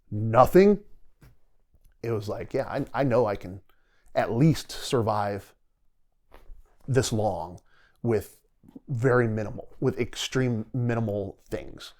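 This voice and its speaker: A man's voice: medium pitch, measured pace, pauses often, darkish tone. Middle-aged male guest with a mid-range voice, loose and rambling, acting out his own thoughts as he retells a story. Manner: rambling, vivid retelling with quoted inner dialogue. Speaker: podcast guest, retired soldier. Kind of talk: casual storytelling interview.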